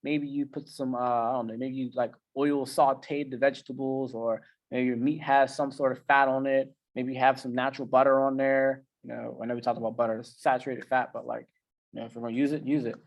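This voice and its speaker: A man's voice: medium pitch, flat delivery, fairly quick. A man who is a coach giving a casual, conversational talk in slangy everyday language. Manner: conversational and slangy, with many fillers. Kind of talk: casual presentation.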